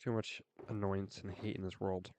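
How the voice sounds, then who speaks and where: Low-voiced young man rambling earnestly. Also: little pitch movement, moderate pace, a little mellow, faint music behind. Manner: earnest, rambling, with frequent "like" fillers. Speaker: streamer. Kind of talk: casual rambling chat while gaming.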